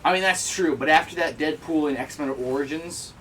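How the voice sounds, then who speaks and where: A man's voice: fairly high pitch, a bit bright. A man chatting casually at a tabletop game session, eager and stumbling over his words. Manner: enthusiastic, halting restarts. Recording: distant mic, background chatter.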